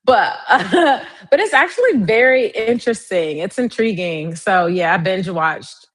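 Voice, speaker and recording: Woman live-stream host, young adult, chatty and lively, mid-pitched voice, talks straight to viewers. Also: a little slow. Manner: chatty, addresses viewers directly; lively, swings up high in pitch. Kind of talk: casual live-stream chat.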